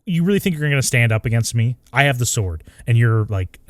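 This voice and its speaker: A man co-hosting a casual podcast, joking around and breaking into quick impressions. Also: mid-range voice, no echo, studio quality. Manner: animated, jokey, does quick voice impressions. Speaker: podcast co-host.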